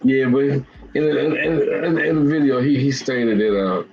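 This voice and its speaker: A man's voice: medium pitch, moderate pace, highs cut off. A man hosting a casual live boxing talk show, thinking aloud and often repeating himself.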